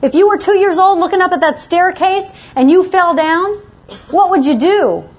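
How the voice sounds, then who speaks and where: Woman motivational speaker, high-pitched and emphatic, urging her audience on; dull, muffled recording. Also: normal speed. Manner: emphatic, exhorting, repeats short commands. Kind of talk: motivational talk to a live audience.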